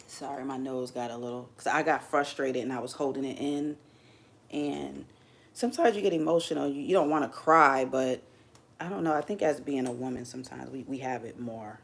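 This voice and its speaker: A woman's voice: a bass voice, brisk, vocal fry. A woman hosting a casual livestream, talking candidly and rambling, openly emotional as she speaks to viewers from her home setup. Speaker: livestream host. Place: home streaming setup under bright lights.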